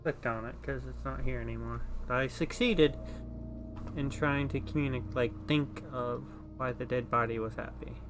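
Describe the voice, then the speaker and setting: A man's voice: mid-range voice, fairly even intonation, moderate pace, background noise. A man hosting a casual let's play, reading game dialogue aloud in a joking, offhand manner with swearing.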